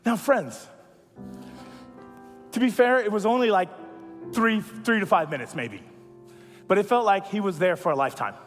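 A male pastor preaching a sermon as a lively storyteller. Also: sits high, long reverb tail, faint music behind. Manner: animated storyteller who builds to a hushed, slow close.

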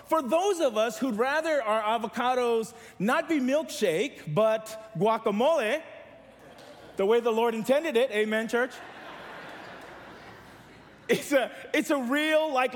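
A man's voice: very high-pitched, animated, unhurried, long reverb tail. A man preaching a sermon as pastor, mixing humor with calls for the church to respond.

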